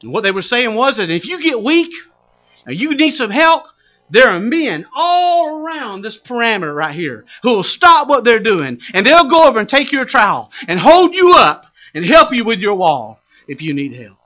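A man preaches from the pulpit in a very high, piercingly bright voice. He presses his point hard and circles back to key phrases for emphasis. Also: very animated, normal speed. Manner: impassioned, exhorting, repeating phrases for emphasis. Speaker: pastor. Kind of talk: sermon.

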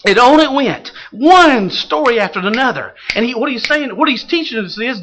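Male pastor preaching. High, animated voice that questions the flock and rises to fervent exclamations. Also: moderate pace, slight background noise, low-quality recording. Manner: asks the congregation questions and builds to fervent exclamations. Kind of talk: sermon.

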